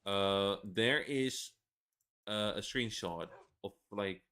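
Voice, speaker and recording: Twenties male gamer, lowish voice, loose sweary ranting commentary. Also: takes it slowly, pushed and bright. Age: 20s. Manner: rambling, swearing, laughing ranting. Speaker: gaming video creator. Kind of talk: casual gameplay commentary.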